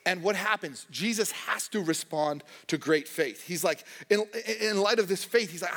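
A young man preaches with a fairly high voice and a loose, joking manner, slipping into quoted voices now and then. His words ring out with a long reverb from a large hall. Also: normal speed, few pauses, a bit bright. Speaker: pastor. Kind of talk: sermon.

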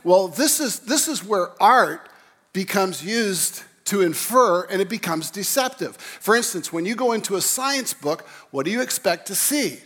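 A man giving an informal lecture, rambling and animated, with many restarts and repeated words. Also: sits high, measured pace. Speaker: speaker on creation and evolution.

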